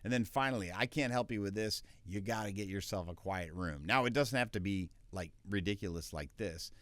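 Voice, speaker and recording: Low-voiced casual man teaching voiceover. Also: fairly bright tone, no echo. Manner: quick, casual, with filler words. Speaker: voiceover tutor. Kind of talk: casual tutorial talk. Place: small home recording space.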